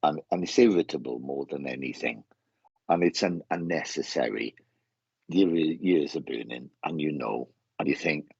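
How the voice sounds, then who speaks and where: A man giving a mediumship reading, halting and repeating his words, calling the sitter mate. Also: extremely low pitch, lively intonation, vocal fry, darkish tone, slightly rough, no echo. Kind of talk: casual spoken reading. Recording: dull lo-fi sound.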